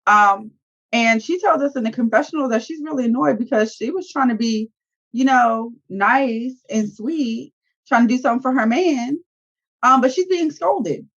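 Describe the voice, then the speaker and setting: A woman's voice: fairly high pitch, moderate pace, fairly bright tone, dull audio. A woman co-hosting a casual reality-TV recap show, retelling scenes with profanity and acted-out quotes. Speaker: co-host.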